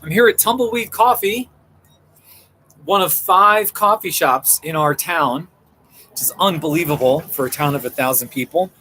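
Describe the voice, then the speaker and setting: A man with a voice pitched a bit above the usual talks in a loose, rambling way on a live stream, stopping to answer viewers' questions. He is sitting in a coffee shop, and faint background noise comes through under his voice. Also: normal speed, sharp tone, poor audio. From Colorado. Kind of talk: casual live-stream chat.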